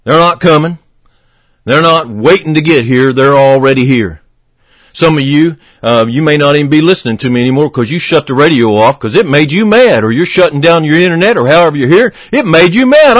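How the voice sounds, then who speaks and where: A man preaching a fervent radio sermon, swinging from emphatic peaks to hushed, low passages. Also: lively intonation, a little fast, no room sound.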